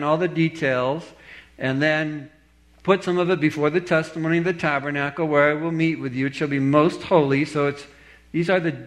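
Animated man preaching a sermon. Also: on the high side. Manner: animated storytelling, voice rising sharply when quoting others; reads scripture slowly and deliberately. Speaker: pastor.

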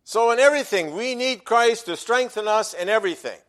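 A man preaching a sermon as pastor, emphatic, dropping to quiet asides and rising loudly on quoted verses. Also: high voice, lively intonation, brisk.

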